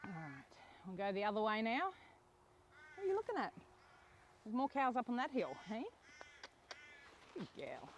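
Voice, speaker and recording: A young woman riding and training a horse outdoors, explaining each step calmly and softly praising the horse. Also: on the high side, moderate pace, pauses often, a little hiss or hum. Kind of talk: narrated riding lesson while training a horse. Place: outdoor rural riding arena.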